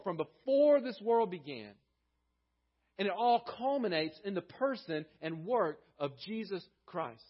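Earnest high-voiced preaching man. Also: muffled recording. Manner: earnest preaching, rising for emphasis and dropping low. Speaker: pastor. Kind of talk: sermon.

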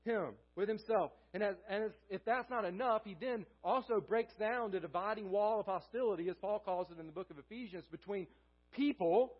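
High-voiced pastor, earnest sermon. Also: male voice, a little fast, hardly any pauses, muffled recording. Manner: earnest, repeats key phrases for emphasis; asks the congregation questions and answers them. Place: church sanctuary.

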